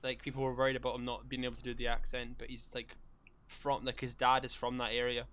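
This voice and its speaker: A young man co-hosting a casual film podcast, asking questions and joking, with halting restarts. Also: medium pitch, completely flat delivery, fairly bright tone, smooth. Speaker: podcast co-host. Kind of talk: casual chat.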